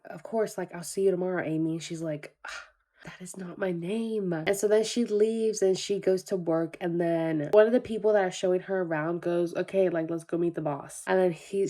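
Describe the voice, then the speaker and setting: A young woman in her early twenties talks through a casual book vlog. She fills her sentences with "like" and keeps a chatty, easygoing flow. Her voice sits a little low and sounds warm and mellow. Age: early 20s. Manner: chatty, many fillers of "like". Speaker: book vlogger. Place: at home early morning, later outdoors at school.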